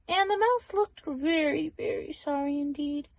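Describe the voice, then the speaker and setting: An older woman reading a picture book aloud, with animated delivery and whispered asides to the listener. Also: high-pitched, unhurried, hardly any pauses, no room sound. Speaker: storybook reader.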